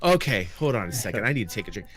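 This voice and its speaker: An American man hosting a livestream chat, teasing and theatrical in an excitable way. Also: lowish voice, racing. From United States. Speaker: stream host.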